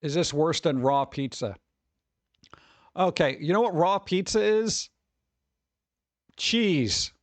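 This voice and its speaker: A man's voice: on the high side, animated, slow, pauses often, no room sound. A man streaming casual commentary on food videos, exasperated and sarcastic, rambling and restarting.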